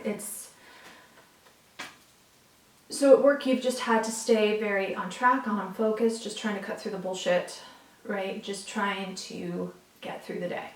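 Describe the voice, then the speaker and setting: A tarot reader speaks directly to her viewers in a casual, heartfelt reading, earnest and sometimes emotional, with occasional swearing. Her medium-pitched voice sounds far from the mic in a roomy recording.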